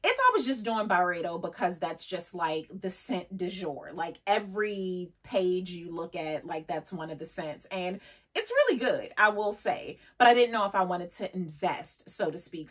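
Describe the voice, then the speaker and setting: A woman's voice: mid-range voice, a bit bright, breathy edge. A woman in her thirties chatting casually as a lifestyle vlogger, laughing often and dropping in French phrases. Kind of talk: casual vlog chat.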